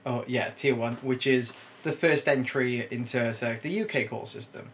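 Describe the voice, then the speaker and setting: A man's voice: mid-range voice, moderate pace, a bit bright, slight background noise. A young man, chatting casually and rambling with frequent restarts. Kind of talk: casual chat.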